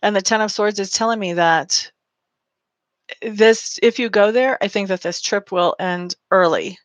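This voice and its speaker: A woman's voice: mid-range voice, a little slow, no room sound. Chatty woman doing a tarot reading. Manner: chatty, calls listeners honey, reads viewer comments. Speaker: tarot reader. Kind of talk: live-streamed tarot reading.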